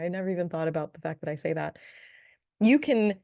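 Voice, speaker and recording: A chatty woman hosts a solo spiritual podcast, speaking in a fairly low voice with frequent giggles and playful asides. The recording is dry and close, with no room sound. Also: lively intonation, fast, darkish tone, no room sound. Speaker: podcast host, spiritual reader.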